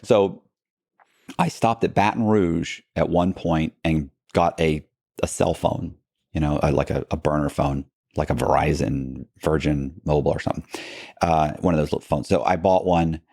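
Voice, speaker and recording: A man's voice: a bass voice, fairly even intonation, moderate pace, gravelly, a little mellow, no echo, studio quality. A man, a podcast guest, telling a long story in a casual, rambling way, full of restarts and asides and acting out what people said.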